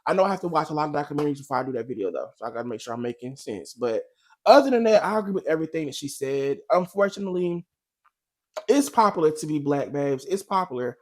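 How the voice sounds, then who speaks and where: A man's voice: a little high, lively intonation, fast talker, darkish tone. A man hosting a casual reaction video, talking in a chatty, slangy, emphatic way. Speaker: commentary video host.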